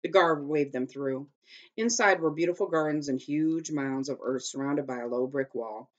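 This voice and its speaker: A woman teacher reading a children's chapter book aloud in a steady, careful way, with small slips. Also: low-pitched, normal speed, muffled recording. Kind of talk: storybook read-aloud.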